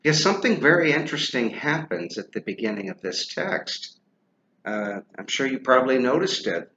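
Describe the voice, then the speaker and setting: Guy lecturing a class, lots of ums, slow, kinda muffled lo-fi recording with a little hiss. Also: medium pitch, very animated, sharp tone. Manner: halting, many ums and uhs, spells names aloud. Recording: roomy, dull lo-fi with faint noise.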